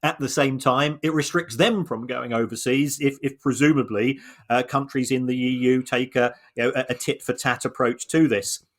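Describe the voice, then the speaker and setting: A man co-hosting a podcast, explaining points in a measured way with frequent restarts and repeated words. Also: medium pitch, fairly even intonation. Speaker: podcast co-host. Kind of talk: conversational analysis.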